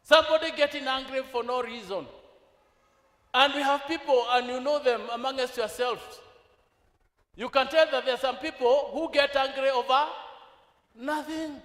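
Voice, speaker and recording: At a moderate pace and with long pauses, a Kenyan man preaches in an extremely high, fairly bright voice. His questions to the congregation are rhetorical, he code-switches into Swahili mid-sentence, and the church hall's reverb gives everything an echoey sound.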